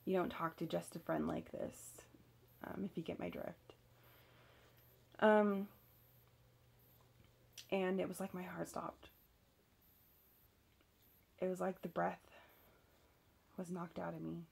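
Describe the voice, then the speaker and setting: A woman's voice: lowish voice, little pitch movement, slow pace, creaky, pauses often, darkish tone, slightly rough. A young woman candidly telling a personal story, swearing freely and using lots of fillers. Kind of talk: casual storytelling.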